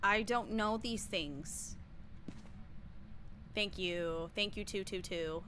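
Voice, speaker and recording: A young woman streams a game, chatting casually with viewers and shrieking and laughing whenever things go wrong. Her mid-range voice moves slowly against a noisy background.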